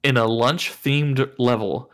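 A man on a gaming podcast reading quiz clues aloud slowly and teasing the players. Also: medium pitch, steady tone, fairly bright tone.

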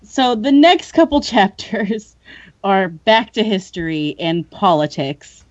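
A woman's voice: medium pitch, big pitch swings, slow, dry recording, highs cut off. A woman co-hosting a podcast, casually recapping book chapters and laughing often. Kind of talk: casual chat.

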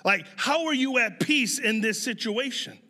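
A young male pastor with a high, bright voice, preaching in a relaxed, storytelling manner. His words ring out with a long hall reverb behind them. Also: measured pace. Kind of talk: sermon.

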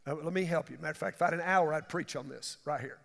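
A man's voice: on the high side, fast, vocal fry, fairly bright tone. A middle-aged man, preaching a sermon in an emphatic, folksy way and asking the congregation questions. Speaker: pastor. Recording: reverberant hall.

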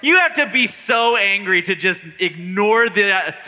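A man's voice: high voice, measured pace, in a large hall, faint music behind. A man reading Bible verses aloud in a casual discussion, joking and laughing between them. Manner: animated, reads verses aloud, jokes and laughs.

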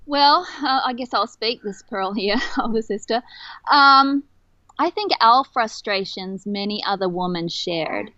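A woman who co-founded a company, a podcast guest speaking in an animated, candid way. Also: fairly high pitch, measured pace, no echo, muffled recording. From Australia.

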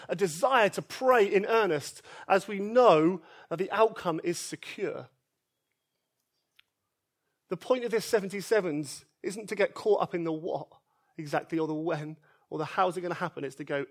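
Male pastor, high voice, earnest sermon delivery, builds to loud pleas then drops soft. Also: normal speed. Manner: earnest and emphatic, repeats key phrases, swings between loud pleas and soft quiet lines. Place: church service.

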